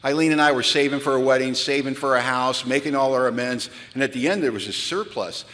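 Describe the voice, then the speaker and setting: A man speaking at a recovery retreat, telling animated, self-mocking stories to a crowd. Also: mid-range voice, fast talker. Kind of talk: storytelling talk at a retreat. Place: large event hall. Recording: long hall reverb from a large venue.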